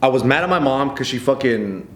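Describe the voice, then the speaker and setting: A man's voice: medium pitch, fairly quick, echoey room, soft background music. A man co-hosting a podcast, telling a story in casual group chat, acting out quotes and swearing freely. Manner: animated, acts out quotes, laughs often, swears. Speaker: podcast co-host. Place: podcast studio with several hosts.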